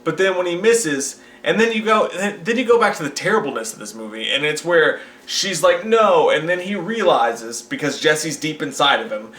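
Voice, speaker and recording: A man's voice: fairly high pitch, expressive, normal speed, hardly any pauses, fairly bright tone, echoey room. Blunt, crude male co-reviewer. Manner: crude, blunt one-liners. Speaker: movie reviewer. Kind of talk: casual comedic movie review.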